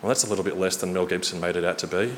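A man preaching a sermon in a church hall, earnest and storytelling, slowing and quickening for emphasis. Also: sits low. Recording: reverberant hall, faint noise.

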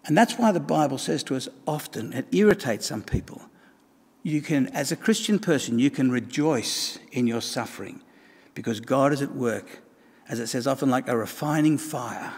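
A man's voice: mid-range voice, lively intonation, normal speed, darkish tone, slightly rough, long reverb tail. A man preaching a sermon in a conversational way, with wry asides and emphatic points.

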